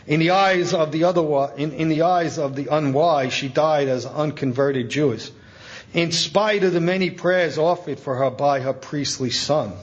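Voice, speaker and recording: A man preaching a sermon as a Catholic priest, telling stories in a colloquial, animated way with emphatic asides. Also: a little high, moderate pace. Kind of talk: storytelling sermon. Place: talk at a conference event. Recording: dull lo-fi event recording.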